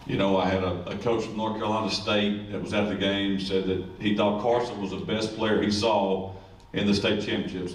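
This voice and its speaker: A man, a high school football coach giving a rambling, joking ceremony speech. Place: school event room. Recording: echoey room, distant mic, faint noise.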